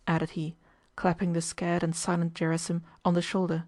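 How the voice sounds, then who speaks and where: A woman reading a novel aloud as an audiobook narrator, steady and measured. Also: on the low side, no room sound, studio quality.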